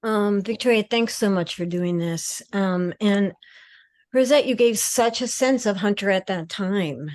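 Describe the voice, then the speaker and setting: A woman poet speaking on a video call, softly and with fillers. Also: medium pitch, unhurried. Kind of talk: conversational remarks on a video call.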